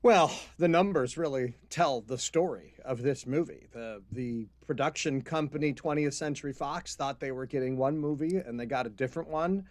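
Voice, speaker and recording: A man appearing as a movie-critic guest on a casual podcast chat, wry and given to deadpan quips. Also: mid-range voice, moderate pace, few pauses, no room sound. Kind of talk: casual live-stream chat.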